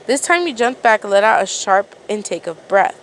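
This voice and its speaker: A woman's voice: medium pitch, expressive, normal speed, slight background noise, rough recording. A woman reading a second-person fan story aloud in a casual way, often stumbling over words and restarting. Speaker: fan fiction reader.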